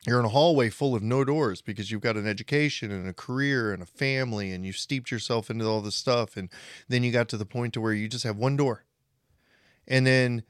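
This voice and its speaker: His voice sits in the mid-range as this forties co-host chats on a podcast, telling animated stories and mimicking the people he quotes. It's a clean studio recording with no echo.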